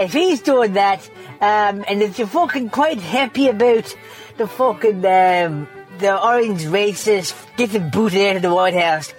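A man voicing Seamus, a foul-mouthed grumpy man ranting through a profane comedic news roundup. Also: high-pitched. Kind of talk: comedic character rant.

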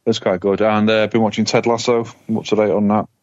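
A man's voice: lowish voice, flat delivery, fast, a little mellow, dry recording, highs cut off. A man chatting casually on a podcast, laid-back and dry, sometimes swearing. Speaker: podcast co-host. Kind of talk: casual chat.

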